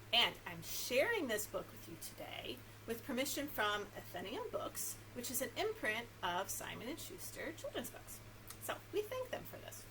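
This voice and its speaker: Bright, animated woman leading children's story time. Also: high-pitched, slight background noise, low-quality recording. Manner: animated, singsong, leads rhymes and movement games. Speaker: children's librarian.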